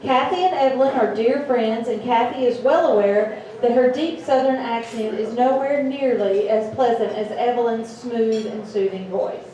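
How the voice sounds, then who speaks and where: A woman announcer reading out a contestant's introduction in a clear, even way. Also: a little high, moderate pace, lo-fi sound. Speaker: event announcer. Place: event hall with audience. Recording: echoey hall, distant mic.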